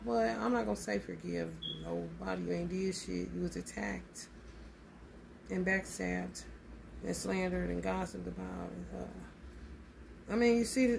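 A woman's voice: mid-range voice, normal speed, vocal fry, a little hiss or hum. A woman giving a casual tarot reading in a blunt, emphatic way, swearing freely and calling her listeners honey. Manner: emphatic and animated. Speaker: tarot reader.

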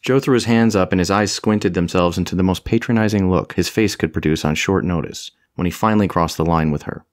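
A man's voice: deep voice, a little fast, hardly any pauses, no echo, studio quality. A man narrating a comic fantasy audiobook with a wry, storytelling delivery.

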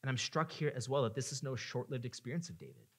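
Casting: male pastor, earnest sermon delivery, mid-range voice, shifts between hushed reflection and impassioned pleading. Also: medium pitch, very animated, quick pace, husky.

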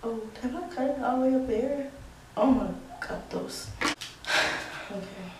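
A young woman vlogging to camera, nervous and excitable, exclaiming and laughing as she talks. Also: sits high, measured pace, heavy background noise. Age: young adult. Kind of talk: casual vlog talk to camera. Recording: echoey room, some distance from mic.

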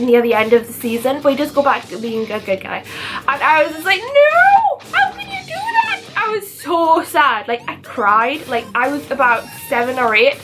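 A woman's voice: a little high, fairly bright tone. A young woman vlogger chatting casually and gushing animatedly, with gasps and mock outrage. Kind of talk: casual chatty countdown vlog.

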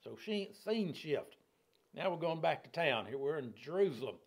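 A man's voice: on the high side, very animated, normal speed. A middle-aged man leading a casual verse-by-verse Bible study, folksy and chuckling, often putting questions to his listeners.

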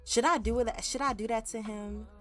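A woman giving casual, animated gameplay commentary, full of slang and sudden shrieks of mock alarm. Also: a little high, fairly quick. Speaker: gaming YouTuber.

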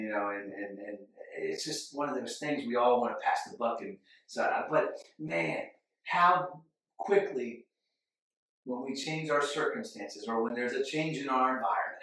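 A man preaching a sermon as a pastor, animated, with his delivery swinging from loud to hushed. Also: mid-range voice, far from the mic. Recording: echoey church hall from off-mic.

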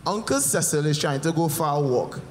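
A man tells comic stories on stage, slipping into voices for the people in them. His voice sits somewhat high, and it rings through a large, echoey hall with a long reverb tail. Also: brisk, slight background noise. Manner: animated storytelling with character voices. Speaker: stand-up comedian. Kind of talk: stand-up comedy set. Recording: echoey hall, live performance.

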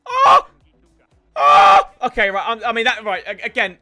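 High, bright-voiced young gamer. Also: male voice, steady tone, fast talker, faint music behind. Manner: shouts in bursts, repeats catchphrases. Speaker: gaming YouTuber. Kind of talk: excited gameplay commentary.

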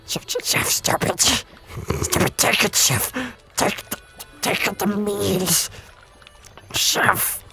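Give me a man in whispered role-play, pleading softly, with faint game music behind. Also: high voice, very slow, vocal fry, long pauses. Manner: hushed, pleading, repeating short calls. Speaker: co-host playing a kitchen game.

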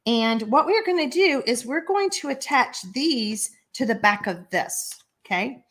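A woman's voice: high voice, lively intonation, unhurried, a little hiss or hum. A Texan woman hosting a live card-making tutorial, chatty and folksy, laughing often and reading viewer comments aloud. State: allergies, watery eyes. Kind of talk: live stream craft tutorial.

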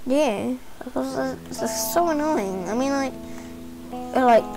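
A woman's voice: high-pitched, lively intonation, a little slow, music in the background, poor audio. Chatty woman playing a game. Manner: chatty, rambling, giggly asides. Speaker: game player. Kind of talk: casual gameplay commentary.

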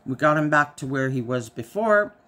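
A woman's voice: sits low, lively intonation, normal speed, a bit bright. A middle-aged woman chatting casually in a vlog, telling a story with a lot of "I said" and a dry delivery. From Canada. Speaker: haul vlogger.

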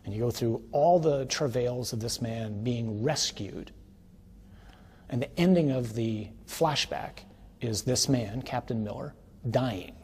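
Man preaching conversationally, mid-pitched. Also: slow, a little hiss or hum. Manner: conversational, with tag questions like "huh?" and "okay?"; builds to forceful, emphatic declarations. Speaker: priest. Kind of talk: teaching talk on worship.

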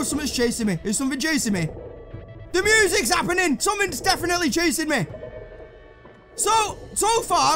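A man commentating on a video game he plays, excitable and full of swearing, yelps and laughs. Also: very high-pitched. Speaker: gaming video host. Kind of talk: let's play commentary.

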